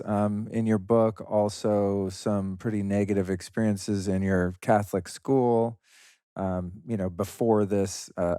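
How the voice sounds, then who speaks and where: A man's voice: lowish voice, clear, resonant tone, no echo, clean studio sound. A man hosting a podcast interview, speaking thoughtfully and loosely, with hesitant phrasing. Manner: thoughtful, rambling with fillers, gentle laughs. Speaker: podcast host. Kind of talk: interview conversation.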